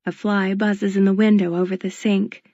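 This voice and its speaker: A woman narrating a novel in the first person, in a quiet, measured, introspective way. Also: medium pitch, little pitch movement, no room sound, dull audio. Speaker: audiobook narrator.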